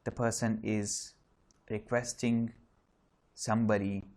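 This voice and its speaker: A man's voice: lowish voice, level tone, slow pace, a little mellow. A man explaining English grammar step by step in an online lesson, with frequent restarts and fillers. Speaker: English teacher.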